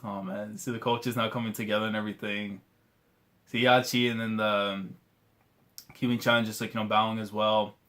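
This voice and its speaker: A man's voice: on the low side, little pitch movement, normal speed, fairly bright tone. A young man hosting a live manga reaction, talking emotionally and casually, often pleading and repeating "man" and "bro".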